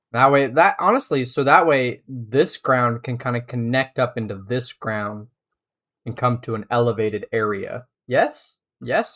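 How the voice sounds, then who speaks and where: A man's voice: mid-range voice, fairly bright tone. A man live-streaming a building game, chatting casually and thinking aloud as he plays.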